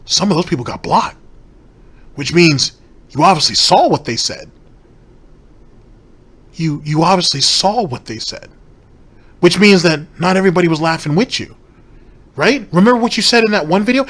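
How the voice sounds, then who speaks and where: A man's voice: high voice, expressive, moderate pace, long pauses, a bit bright, slightly rough. Blunt, profane male commentator. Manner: blunt, profane, emphatic repetition. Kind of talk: reaction commentary.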